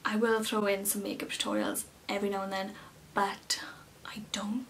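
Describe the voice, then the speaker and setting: Very animated, her medium-pitched voice moves at a moderate pace. This young vlogger chats to the camera from a small, cluttered home room, packing in fillers while retelling what people said. There's faint room noise, and she sounds slightly distant.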